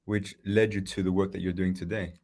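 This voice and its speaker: Hesitant low-voiced male co-host. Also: little pitch movement, darkish tone. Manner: hesitant, halting questions.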